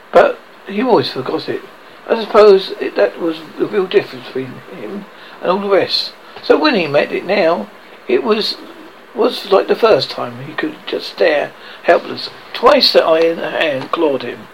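Gravelly man reading a storybook. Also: on the high side, lively intonation, a little slow, slight background noise, poor audio. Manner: reads with frequent stumbles and self-corrections. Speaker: audiobook reader. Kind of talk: storybook narration.

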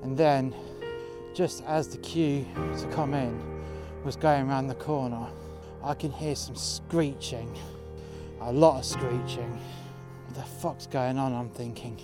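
A man telling a rough, profane story in a blunt, tough-talking way, recorded outdoors. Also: medium pitch, slow, pauses often, music in the background. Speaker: storyteller, door security worker. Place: outdoors in freezing cold.

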